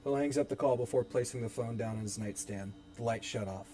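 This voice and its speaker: A young man with a mid-range, dark-toned voice reads the scene directions of his own horror script at a fairly quick clip. He keeps them even during this dramatic table-read, with music playing in the background.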